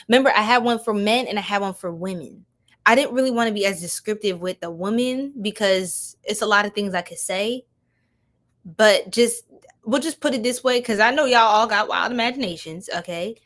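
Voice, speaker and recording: Giggly slow-talking young woman reader. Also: a little high, a bit bright. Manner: giggly, slangy, chatting to viewers. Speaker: tarot reader livestreaming. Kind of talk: casual livestream tarot reading.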